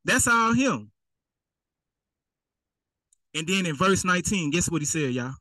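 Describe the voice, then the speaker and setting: A man preaching a casual, playful sermon, slipping into slangy voices to act out the people in his story. His tone is bright and forceful, a little higher than most men's, and the sound is close and dry with no room echo. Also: very animated, unhurried. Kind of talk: conversational sermon.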